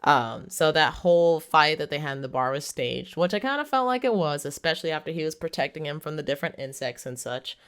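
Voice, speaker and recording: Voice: mid-range voice, animated, a little fast, few pauses, fairly bright tone, clear, resonant tone. A movie reviewer giving a casual, rambling plot recap, full of fillers and frequent chuckles.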